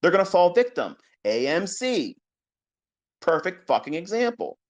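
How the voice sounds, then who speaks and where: A man as a trading mentor, lecturing his followers in a live audio room in a blunt, profane way, dropping low and quiet, then rising loud and high. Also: very animated, a little slow.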